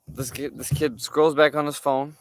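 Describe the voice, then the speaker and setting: A young man telling a story from his day in a casual, animated way, swearing and using lots of fillers. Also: on the high side, moderate pace, dry recording. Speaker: streamer.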